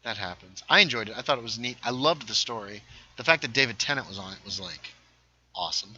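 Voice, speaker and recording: A middle-aged man hosting a game livestream, yelling at enemies and chatting casually. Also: on the low side, lively intonation, fast talker, muffled recording. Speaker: livestream host. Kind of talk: casual gameplay commentary.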